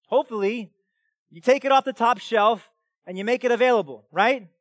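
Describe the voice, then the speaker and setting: A man preaching a sermon as pastor, animated and emphatic, dropping into quiet asides between loud passages. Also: very high voice, moderate pace, no echo.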